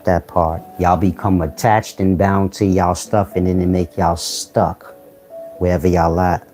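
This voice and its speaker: Brief: man, low mellow voice, blunt slangy life lecture, faint music underneath. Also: little pitch movement, measured pace. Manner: blunt streetwise slang, rhetorical questions to viewers. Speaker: channel host giving life advice. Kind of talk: casual philosophical monologue.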